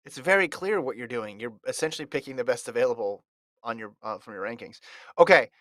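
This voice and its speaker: A man's voice: medium pitch, animated, quick pace, a bit bright, dry recording. A man hosting a casual sports chat, running a fantasy draft in a chatty, teasing way and reading out lists of picks.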